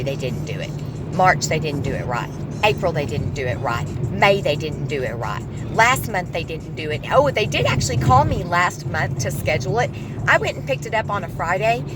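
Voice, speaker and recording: A woman with a low voice and a drawl records a casual vlog on her phone while she drives. She sounds tired and tells her story in a heated, ranting way, and loud road noise from the car runs under her words. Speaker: vlogger.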